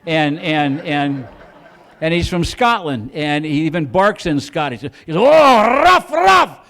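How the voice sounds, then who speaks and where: Rambling stand-up comic, higher-pitched man. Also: a little slow, fairly bright tone. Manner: rambling, restarts with repeated "and". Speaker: comedian. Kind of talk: stand-up storytelling. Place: comedy club stage.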